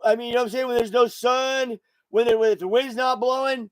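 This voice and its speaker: A man's voice: very high-pitched, fairly even intonation, a little fast, no echo, rough recording. A man in his sixties hosting a podcast, rambling and swearing through a casual monologue while buzzed and intoxicated. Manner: rambling, profane, repeats himself. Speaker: podcast host.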